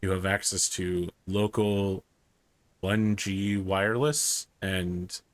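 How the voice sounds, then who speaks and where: Man, game master narration, tabletop game, unhurried, dry close sound. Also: deep voice, steady tone, dry recording.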